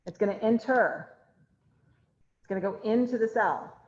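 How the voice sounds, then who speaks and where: A woman gives a chemistry lecture over a video call. She talks in a chatty way, asking the class questions and then answering them herself. Her voice sits at an ordinary pitch, and the audio is a little dull and lo-fi. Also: moderate pace, darkish tone. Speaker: chemistry instructor. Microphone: computer mic on a video call.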